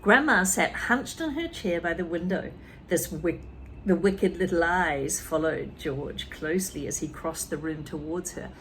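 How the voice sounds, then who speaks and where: A woman teacher reading a children's story to a class, with expressive delivery and asides to the listeners. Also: lowish voice, measured pace, slight background noise. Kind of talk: children's story read-aloud.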